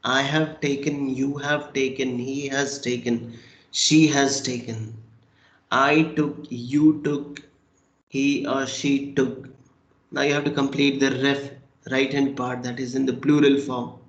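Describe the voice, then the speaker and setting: A man teaching a French class over a video call, slow and patient, praising and prompting his students. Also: mid-range voice, level tone, muffled recording. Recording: echoey room.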